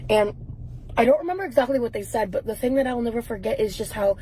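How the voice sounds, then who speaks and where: A woman's voice: a little high, fast talker, warm tone, a little hiss or hum, poor audio. A woman telling a personal story in a vlog, rambling, with many restarts. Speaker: vlogger in a clip.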